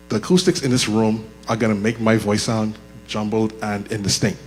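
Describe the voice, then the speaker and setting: A leadership course instructor gives a live workshop talk in a church room with audible echo, using a handheld microphone. His fairly low, level voice is conversational and joking, and he slows down deliberately. The reverberant hall carries a mains hum.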